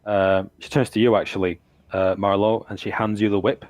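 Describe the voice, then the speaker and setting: A man running a tabletop game as game master, narrating the scene descriptively and halting often with fillers. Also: lowish voice, little pitch movement, a little mellow, no echo.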